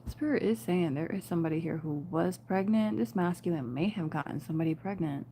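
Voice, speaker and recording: A woman's voice: on the low side, fairly quick, warm tone, a little hiss or hum. A woman giving a casual spiritual reading to viewers, chatty and often laughing. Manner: chatty, laughs often, addresses viewers as "you guys" and "y'all". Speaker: tarot reader.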